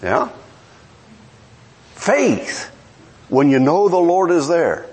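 High-pitched guy preaching a sermon, lively, keeps asking the crowd stuff, chuckles a lot. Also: very slow. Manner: animated, asks the congregation questions, chuckles as he speaks.

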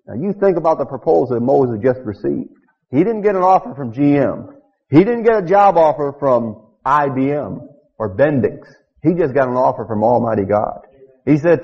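A middle-aged man preaching a sermon. He reads scripture emphatically and builds to loud declamation. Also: medium pitch, expressive, moderate pace, gravelly. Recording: dull lo-fi church recording.

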